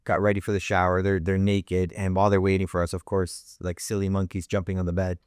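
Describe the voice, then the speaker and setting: Low-voiced man telling a story. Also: fast, smooth, no room sound, studio quality. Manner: animated storyteller, acts out voices, many restarts. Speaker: host. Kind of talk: casual interview chat, telling a family story.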